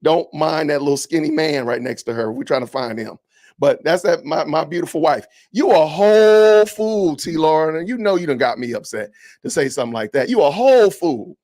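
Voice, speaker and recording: Podcast guy going off on a comment, indignant and preachy, high lively voice. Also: a little fast. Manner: animated, indignant ranting, preachy. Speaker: podcast host. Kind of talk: livestream commentary reading comments.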